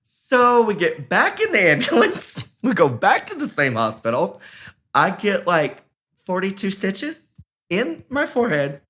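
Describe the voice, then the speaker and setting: Brief: man, podcast co-host, bright animated storyteller who acts out the quotes. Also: sits high, unhurried. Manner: animated, acts out quoted voices, laughs while telling. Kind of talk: casual storytelling.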